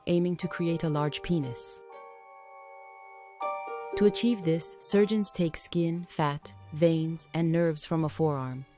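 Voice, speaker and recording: A woman with a fairly low voice narrates a documentary in a steady, matter-of-fact tone. Faint music runs quietly under her voice-over. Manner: measured, matter-of-fact delivery.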